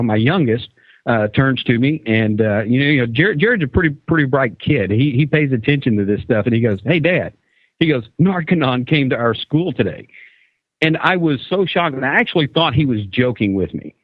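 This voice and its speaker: A middle-aged man, co-hosting a talk radio show and telling a story in a halting way with many fillers. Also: medium pitch, dry recording, narrow, tinny audio.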